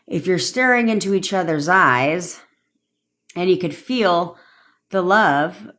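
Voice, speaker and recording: A woman's voice: on the low side, lively intonation, slow pace, a bit bright. A woman manifestation coach giving blunt, rambling advice on a live stream, swearing freely as she reads and answers viewer comments.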